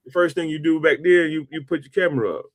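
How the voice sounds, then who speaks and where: A man in his forties hosting a casual interview, telling stories in a relaxed, slang-filled way. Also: fairly high pitch, quick pace. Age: 40s. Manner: slangy storytelling, peppered with "bro" and "man". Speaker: podcast host.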